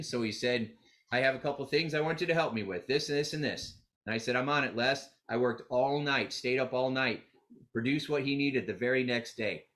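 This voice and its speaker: A man presenting a live motivational seminar on getting clients, telling stories with acted-out quotes and calling on the audience to repeat after him. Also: medium pitch. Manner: energetic, animated storytelling with quoted dialogue.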